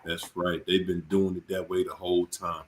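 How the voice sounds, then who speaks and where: A male host in casual live-stream chat, animated and preachy, often repeating his words. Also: sits low, normal speed, roomy sound, a little hiss or hum.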